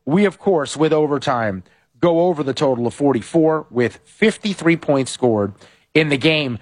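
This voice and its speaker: Opinionated high-voiced sports podcast host. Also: male voice, normal speed. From West Coast of the United States. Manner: animated, opinionated, critical of coaching. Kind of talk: football recap and betting commentary.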